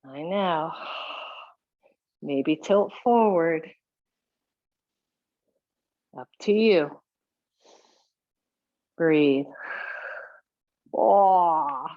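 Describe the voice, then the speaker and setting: A woman's voice: low voice, lively intonation, extremely slow, pauses often, phone-quality sound. A woman teaching a home yoga class, giving encouraging cues with a chatty manner and frequent light laughs.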